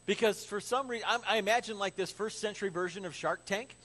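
A man preaching a sermon in an animated, conversational way with joking asides, as pastor. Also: sits high, fast talker, low-quality recording.

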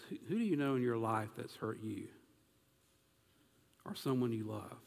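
A man preaching an animated sermon as pastor, asking his congregation questions as he goes. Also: mid-range voice, moderate pace, vocal fry, long pauses, in a large hall.

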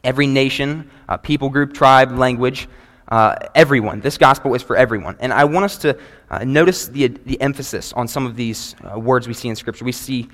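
Preaching to a congregation from a church sanctuary, a man speaks with earnest conviction and stops now and then to read scripture in a calm, measured manner. His voice sits in a middle register and echoes with the lengthy reverb of a big hall.

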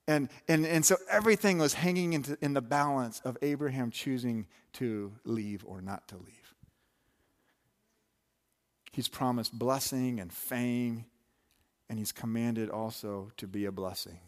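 A man's voice: mid-range voice, a little slow. A man preaching a sermon in a loose, conversational way, full of asides and restarts. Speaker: pastor.

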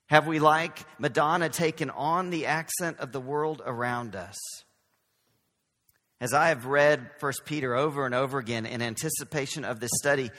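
Texan pastor with a bright, forceful voice. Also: male voice, fairly high pitch, big-room sound. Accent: Southern American. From Texas. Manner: conversational, self-deprecating. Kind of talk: sermon.

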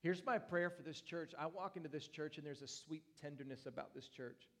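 Preaching a lively sermon in church, a young pastor speaks fairly quickly in a voice a bit higher than usual. His animated, playful delivery swings from loud bursts to softer asides.

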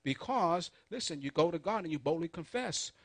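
A man preaching a sermon, calling on the congregation to answer back, swinging between soft asides and loud emphatic peaks. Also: on the high side, lively intonation, normal speed, dry recording. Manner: call-and-response preaching, urging the congregation. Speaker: pastor.

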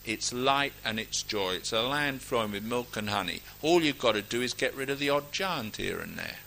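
A man delivers a sermon in a bright, ringing voice. His pitch rises and falls widely as he exhorts his listeners, moving between loud declarations and quiet asides. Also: lively intonation, vocal fry, poor audio. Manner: reads scripture aloud in a ringing, measured cadence. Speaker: preacher.

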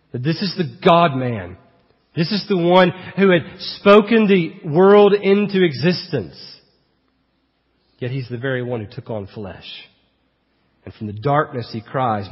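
A pastor with a slightly high, husky voice delivers an expository sermon. He drops into low, quiet asides, then lifts his voice for emphatic quoted lines. The sound is dull and muffled, with a long reverb trailing through a large hall. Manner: swings between hushed low asides and raised emphatic quotes.

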